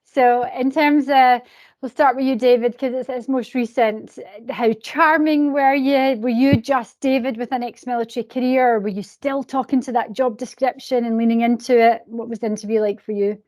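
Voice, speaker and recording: A woman's voice: fairly high pitch, fairly even intonation, moderate pace, darkish tone. A woman hosting a virtual career panel, encouraging her guests and putting questions to them by name. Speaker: host.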